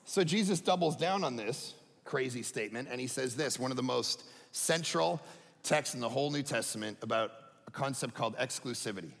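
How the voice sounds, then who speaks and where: Animated male pastor preaching in a hall. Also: vocal fry. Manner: animated, swings between loud emphatic bursts and low quiet asides. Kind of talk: sermon. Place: church sanctuary. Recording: church hall reverb.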